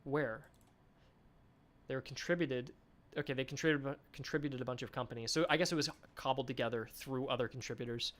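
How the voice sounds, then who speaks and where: A man's voice: medium pitch, steady tone, a little fast, a bit bright. A man hosting a game developer live stream in a casual chat, reading viewer comments aloud and answering them with enthusiasm. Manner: enthusiastic, chatty.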